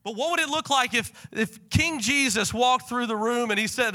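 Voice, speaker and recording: Animated bright-voiced male preacher. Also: very high-pitched. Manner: animated, swings from soft to loud and fast. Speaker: pastor. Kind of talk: sermon. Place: church sanctuary.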